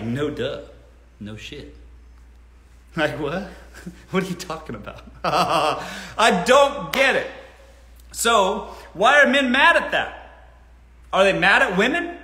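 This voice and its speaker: A host leads a casual live Q&A, blunt and animated, cursing freely. He talks slowly with long pauses, in a high, bright voice whose pitch swings widely, and the recording is roomy with echo around it.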